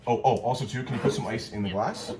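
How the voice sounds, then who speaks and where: A medium-pitched man talks fast against a noisy background as he demonstrates a cocktail at home. He's a co-host of the cocktail video, and his casual chatter rambles, with jokes and corrections of himself.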